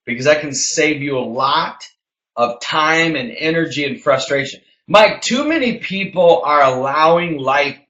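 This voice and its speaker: A man's voice: a little high, bright, forceful tone, echoey room, rough recording. A man co-hosting a business talk show, emphatic and preachy, repeating phrases for effect. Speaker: podcast co-host.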